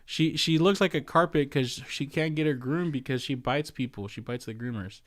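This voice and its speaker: A man's voice: medium pitch, moderate pace. A man in his thirties with an American accent, hosting a casual livestream and rambling through viewer comments with lots of fillers. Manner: rambling and conversational, answering chat with frequent fillers. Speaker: livestream host and real estate agent.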